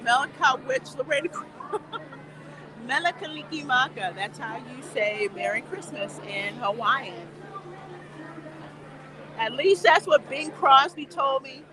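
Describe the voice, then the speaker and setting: A woman's voice: sits high, lively intonation, takes it slowly, pauses often. A woman hosting a casual theme park livestream, chatting and laughing with her viewers as she walks through a queue. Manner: chatty, laughing, talks back to viewer comments. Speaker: livestream host. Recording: busy crowd noise outdoors. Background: crowd chatter.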